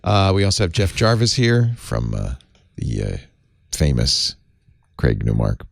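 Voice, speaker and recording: A man hosting a casual talk show, lively and chatty, laughing as he reads. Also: extremely low pitch, measured pace, vocal fry, no echo, studio quality. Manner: lively, laughs while reading aloud. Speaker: host. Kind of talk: casual chat.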